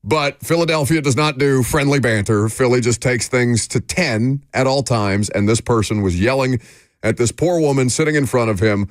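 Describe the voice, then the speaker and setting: A man's voice: medium pitch, normal speed, dry recording. A man hosting a sports talk radio show, giving his opinions in an emphatic, ranting way from a studio microphone.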